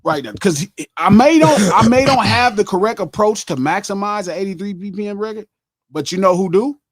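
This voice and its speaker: Middle-aged guy hosting a podcast, high voice jumping all over, cussing, dry close mic. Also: fairly quick, no echo. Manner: animated, profane, argues with himself in mock quotes. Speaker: podcast host. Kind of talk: casual chat.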